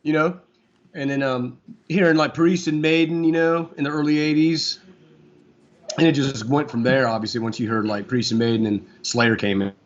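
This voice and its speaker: A man in his forties from Florida, a guest guitarist in a casual interview, talking in a relaxed, rambling way with lots of fillers. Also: mid-range voice, normal speed, a little hiss or hum. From Florida, USA. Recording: dull lo-fi sound.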